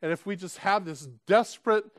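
Guy preaching a sermon, kinda high voice, earnest and emphatic, lots of questions to the crowd. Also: a little fast, a bit bright, dry recording, clean studio sound. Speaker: pastor.

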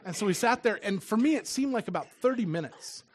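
A middle-aged man preaching and telling a personal story in earnest, often dropping to a hush at solemn moments. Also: sits high, animated, quick pace, husky. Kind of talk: sermon with personal testimony.

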